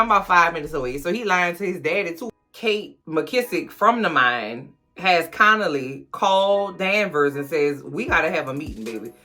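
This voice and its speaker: Slightly tipsy from drinking, a woman host recaps a TV episode in a chatty, slangy way, addressing her viewers directly. Her voice is lowish with a fairly bright tone.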